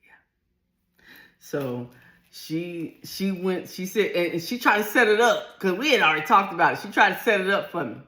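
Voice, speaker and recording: A woman's voice: fairly low pitch, lively intonation, normal speed, pushed and bright. A middle-aged woman, telling a personal story to camera in a candid, earthy, blunt way. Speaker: vlogger. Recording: echoey room.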